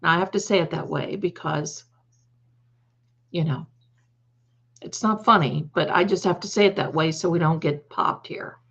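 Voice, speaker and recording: A woman's voice: low voice, moderate pace, vocal fry, long pauses, fairly bright tone, breathy edge. A woman hosting a live stream, chatting casually in a rambling, emphatic way and often correcting herself mid-sentence. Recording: dull lo-fi stream audio.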